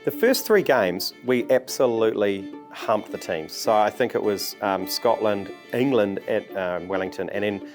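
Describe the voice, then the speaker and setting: A man's voice: lowish voice, normal speed, hardly any pauses, faint music behind. A man, telling a story in an interview and acting out the voices he quotes. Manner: animated, acts out quoted voices. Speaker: commentator recalling events.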